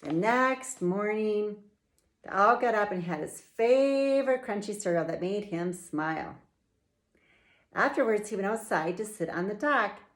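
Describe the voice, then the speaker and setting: Woman, middle-aged, children's author, story-time reading, very slow, playful emphasis. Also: medium pitch, lively intonation.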